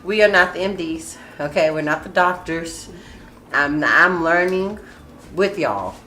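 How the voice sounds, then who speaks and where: A woman hosts a casual talk show, her voice sitting a little low and laughter bursting through often. She talks loosely and frankly. The sound is echoey, with faint noise behind her. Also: expressive, unhurried, sharp tone. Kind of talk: casual chat.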